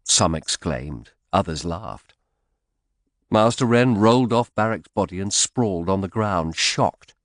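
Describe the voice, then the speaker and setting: A man narrating an audiobook in first person with expressive, dramatic storytelling. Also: low-pitched, a little slow, no room sound, studio quality.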